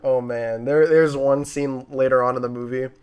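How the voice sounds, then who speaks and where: A man's voice: mid-range voice, fairly even intonation, moderate pace, darkish tone, clean tone. A man in his twenties, co-hosting a casual movie review, talking in a chatty way with lots of fillers and restarts. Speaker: co-host of a movie review show.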